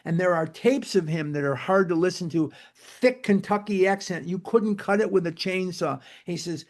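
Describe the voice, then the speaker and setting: A man's voice: high voice, normal speed, few pauses. A man speaking to a recovery-program book study group in an emphatic, repetitive lecture style. He sometimes spells words out letter by letter.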